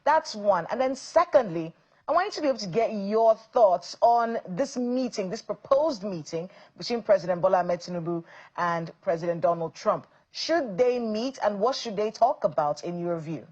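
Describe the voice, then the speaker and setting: A woman's voice: medium pitch, lively intonation, moderate pace, darkish tone, highs cut off. A woman co-hosting a studio news interview, asking probing, layered questions. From Nigeria. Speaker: co-host.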